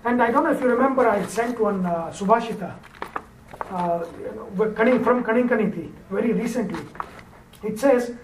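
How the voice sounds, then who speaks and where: A man's voice: sits high, moderate pace, distant mic, a little hiss or hum. A man teaching through an old fable in a loose, conversational way with frequent fillers. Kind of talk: informal storytelling lecture. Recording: roomy echo, off-mic, faint ambience.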